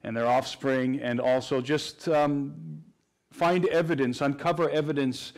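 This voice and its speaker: Male interview guest, mid-pitch, flat and earnest, talks in long explanations with restarts. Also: measured pace. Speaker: guest researcher. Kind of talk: interview answers.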